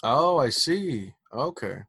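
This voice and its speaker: A man's voice: medium pitch, sing-song, slow pace, fairly bright tone, slightly rough, dry recording. A man hosting a podcast interview, upbeat and casual, with frequent fillers and laughter. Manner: upbeat, hesitant with many fillers, laughs often. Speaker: podcast host.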